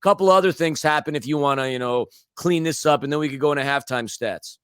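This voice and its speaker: Podcast co-host, man, slightly high voice, blunt sarcastic soccer recap, dry close mic. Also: quick pace, a bit bright, clean tone, no room sound. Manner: blunt, ranting, sarcastic asides. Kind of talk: casual soccer recap chat.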